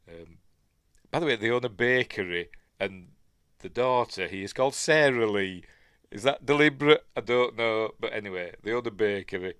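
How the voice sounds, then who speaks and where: A man's voice: on the low side, expressive, normal speed, fairly bright tone, clear, resonant tone, no echo, studio quality. A man with a Yorkshire accent giving a casual film review, rambling and muttering asides to himself. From Yorkshire, England.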